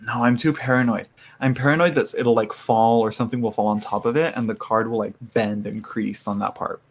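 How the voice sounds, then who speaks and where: A man talks loosely to his viewers while he unpacks a parcel, with frequent fillers and quick asides. His voice sits in a middle pitch. A faint hum of room noise runs under it. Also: fairly even intonation. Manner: chatty, rambling, lots of fillers and laughs. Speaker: tarot reader unboxing a haul. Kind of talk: casual chat to live viewers.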